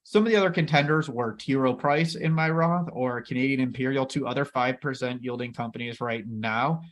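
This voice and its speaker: A man's voice: mid-range voice, brisk. A man co-hosting a casual investing chat, enthusiastic and talking straight to viewers. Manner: enthusiastic, addresses viewers as everybody. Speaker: co-host.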